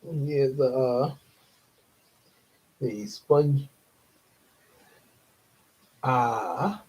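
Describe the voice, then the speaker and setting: A man's voice: fairly high pitch, slow, pauses often, darkish tone. A young man, hosting a casual livestream, rambling with frequent chuckles and fillers. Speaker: livestream host. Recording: dull lo-fi stream audio.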